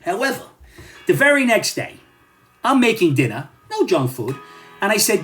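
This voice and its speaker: An older man with a lively, swinging delivery rants bluntly and sarcastically, jumping between gripes and home stories. Faint music plays behind his voice. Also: high-pitched, normal speed. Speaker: vlogger. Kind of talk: ranting commentary vlog.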